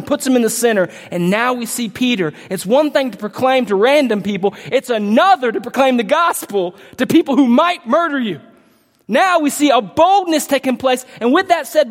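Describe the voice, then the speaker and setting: A preacher giving an emphatic sermon to a congregation, reading scripture aloud and stumbling now and then over the words. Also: medium pitch. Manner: emphatic, impassioned delivery. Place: large hall with a congregation. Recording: long hall reverb.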